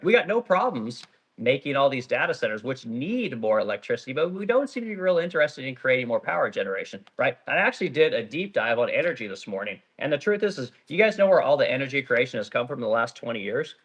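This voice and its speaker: A man's voice: medium pitch, big pitch swings, fast, fairly bright tone, breathy edge. A middle-aged man who owns a small business, ranting bluntly and profanely on a casual livestream while reading out viewer comments. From Oregon. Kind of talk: casual live-stream rant reading comments.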